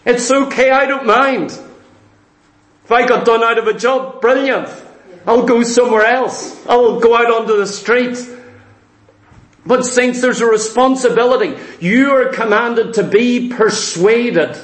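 High-voiced man preaching in an echoey church. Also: unhurried, fairly bright tone. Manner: earnest, emphatic, addresses congregation as saints. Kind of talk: sermon.

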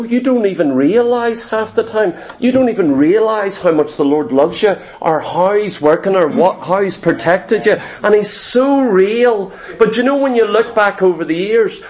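Middle-aged male preacher, high-pitched, earnest storytelling testimony. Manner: earnest storytelling, emotional, repeats phrases. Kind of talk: sermon testimony.

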